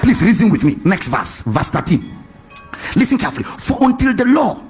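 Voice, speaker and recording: A male preacher giving a lively sermon, questioning his congregation and stretching words in a sing-song way. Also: high voice, brisk, soft background music.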